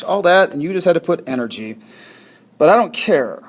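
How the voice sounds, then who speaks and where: A male teacher talks students through a worksheet, chatty and encouraging and quick to laugh at his own mistakes. His voice sits a bit high for a man and swings up and down with lively energy. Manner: chatty, self-deprecating, encouraging. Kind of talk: recorded classroom lesson walkthrough.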